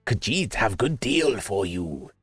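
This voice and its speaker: A man's voice: fairly low pitch, big pitch swings, slow pace, a bit bright, husky, dry recording, faint music behind, full character voice. A man voicing a sly male cat-folk merchant who talks about himself in the third person.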